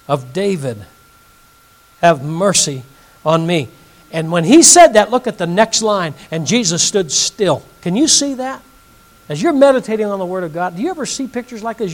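Animated high-voiced male preacher. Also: low-quality recording. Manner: animated, reads scripture aloud and questions the audience. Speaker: pastor. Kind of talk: evening Bible teaching.

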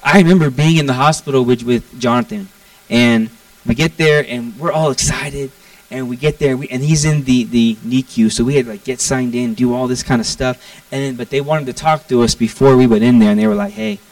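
A young man from Florida preaching a casual, animated sermon and acting out the lines he quotes. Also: mid-range voice, fairly quick, no room sound, recorded from a distance, poor audio. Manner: animated, acts out quotes in a raised voice. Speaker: pastor.

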